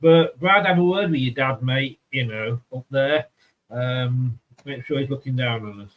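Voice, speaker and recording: A man's voice: medium pitch, a little slow, poor audio. A man with an Australian accent hosting a casual fan chat, rambling and easygoing. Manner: rambling, easygoing, many fillers. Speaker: host.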